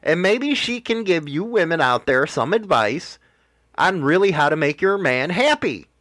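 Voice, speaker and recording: A man's voice: on the high side, animated, normal speed, a bit bright, dry recording, studio quality. A man co-hosting a podcast, trading crude jokes and teasing in casual chat. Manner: crude joking banter; playful teasing. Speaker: podcast co-host.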